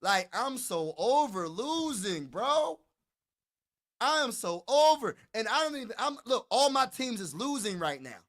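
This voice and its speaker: In this hyped fan rant, a male sports talk show host vents excitement and frustration in a bright, high voice. He keeps repeating lines to hammer them home and trips over fast restarts.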